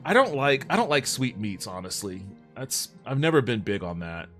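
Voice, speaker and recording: A man casually chatting with his viewers on a livestream, relaxed and profane, reading chat aloud and answering it. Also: mid-range voice, moderate pace, faint music behind.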